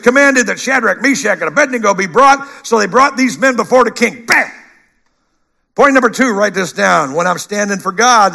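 A middle-aged man preaching a sermon, animated, dropping to a hush and rising to loud bursts. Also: high-pitched, moderate pace, creaky. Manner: animated, shifts between hushed and shouted. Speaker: pastor.

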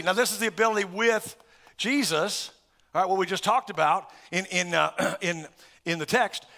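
The sermon comes from a middle-aged male pastor whose voice sits high and keeps a moderate pace. Loud, stressed words give way to soft asides, and he chuckles while listing things off.

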